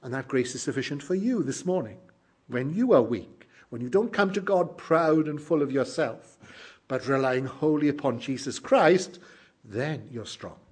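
A middle-aged man preaching a sermon, earnest and emphatic, moving between loud exclamations and hushed lines. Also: medium pitch, expressive, moderate pace, slightly rough.

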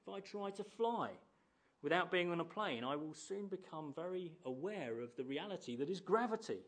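A man's voice: sits high, expressive, normal speed, a bit bright. A man in his thirties preaching a sermon in a conversational way, often asking rhetorical tag questions.

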